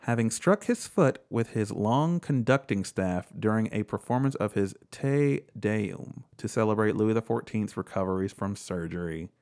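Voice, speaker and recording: Very deep-voiced joking man. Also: expressive, moderate pace, hardly any pauses, darkish tone. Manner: jokey, offhand, swears casually. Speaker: podcast co-host. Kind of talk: casual chat, reading facts aloud.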